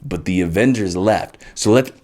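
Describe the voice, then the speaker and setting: A man's voice: sits low, moderate pace, darkish tone, pitched below the performer's own voice. A man voicing a swaggering male alien tyrant who talks in laid-back street slang. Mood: scheming.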